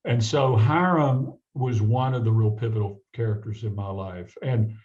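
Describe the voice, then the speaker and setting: A man's voice: lowish voice, normal speed, a little mellow, highs cut off. A man from the American South telling a personal story as a guest, acting out the voices of the people in it. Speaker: guest physician. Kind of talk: storytelling in a conversation.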